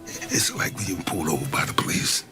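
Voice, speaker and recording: An actor playing a streetwise older call-center coworker who gives coaxing advice, heard as a film clip with music behind. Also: male voice, low-pitched, huge pitch swings, a little fast.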